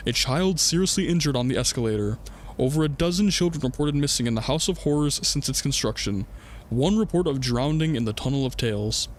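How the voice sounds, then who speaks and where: A man's voice: medium pitch, lively intonation, brisk, a little hiss or hum. A young man streaming a horror game, reading in-game notes aloud and joking casually into a desk mic. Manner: reads in-game notes aloud, jokey, laughs. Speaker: gaming streamer. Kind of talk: casual let's-play commentary.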